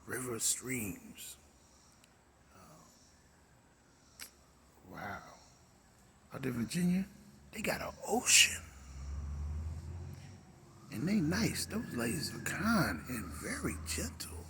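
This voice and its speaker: A man's voice: a little high, vocal fry, sharp tone, a little hiss or hum. A middle-aged man with a Maryland accent, hosting his own show in a rambling monologue, drawling, humming and dropping into whispers. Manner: drawling, slips into whispers and hums. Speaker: show host.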